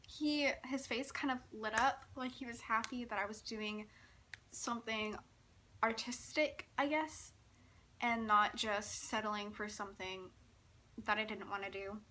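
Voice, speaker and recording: A young woman in her late teens tells her story with giggly, breathless excitement, scattering "like" through every sentence. Her voice sits fairly high and bright. A faint hum runs underneath. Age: young adult. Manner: giggly, breathless, gushing, lots of "like". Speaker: vlogger.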